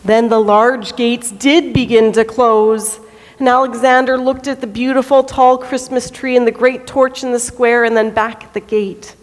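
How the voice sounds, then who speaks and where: A woman tells a children's story at a church service, slow and deliberate in her reading. Her voice sits fairly high, and a long reverb from the church hall trails each phrase. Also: fairly even intonation.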